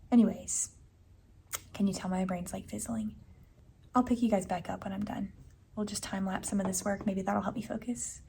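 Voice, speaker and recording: A woman's voice: mid-range voice, flat delivery, a little fast, gravelly, warm tone, slight background noise. Young female teacher, lilt, rambling chatty vlogger delivery. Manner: chatty, rambling, many "like"s and "anyways". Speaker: elementary school teacher. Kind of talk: casual day-in-the-life vlog talk.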